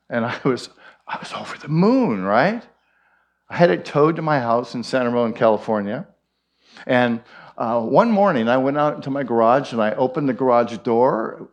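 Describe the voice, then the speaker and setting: A man with an Irish accent giving a conversational storytelling sermon, folksy with frequent asides. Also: mid-range voice. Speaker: minister giving a talk.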